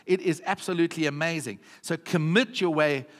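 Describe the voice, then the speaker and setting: A man's voice: fairly high pitch, a little fast, fairly bright tone. A man with a South African accent preaching a sermon as pastor, with emphatic repetitions, often checking in with the congregation. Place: church hall. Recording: reverberant church hall.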